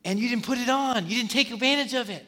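A man voicing God, who gives a quiet, slow and firm rebuke. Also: extremely high pitch, big-room sound, voice pushed up. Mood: gently firm.

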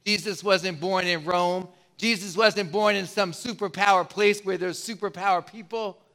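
A man's voice: sits high, fairly even intonation, moderate pace, bright, forceful tone. A man preaching a sermon as pastor, emphatic and given to repeating words as he builds his points. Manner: emphatic, repeats words, acts out quoted voices.

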